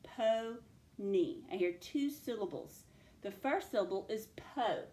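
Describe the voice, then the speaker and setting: A woman's voice: mid-range voice, animated, darkish tone, echoey room. A woman teacher taking young pupils through a phonics lesson, sounding out and stretching words. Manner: slow, stretched-out word sounding.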